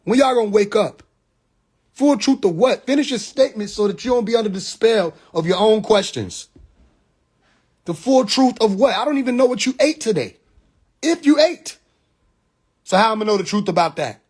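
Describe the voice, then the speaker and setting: A young man from Atlanta with a Southern accent hosts a live stream on his phone, rambling through a mocking, preachy lecture full of rhetorical questions and profane slang. His high-pitched voice is expressive, slightly mellow, and breathy at the edges. He talks at a moderate pace with long pauses.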